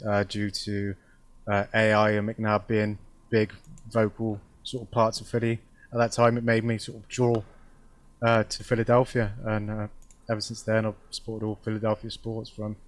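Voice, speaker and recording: A man's voice: fairly low pitch, no echo. A man with a West Country accent in casual podcast chat, hesitant and full of fillers. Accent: West Country English. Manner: hesitant, many fillers, jokey. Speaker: podcast co-host.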